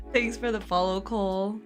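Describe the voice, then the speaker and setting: Chatting casually with her live viewers, a young female streamer recounts a family story in a slightly high voice. She is lively, laughs often, curses offhandedly, and sounds a little hoarse after karaoke.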